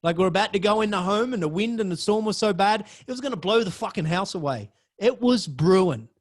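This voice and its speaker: Male host spinning a dramatic story with swearing, a higher voice that swings all over. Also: animated, fairly quick. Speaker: podcast host. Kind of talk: personal storytelling.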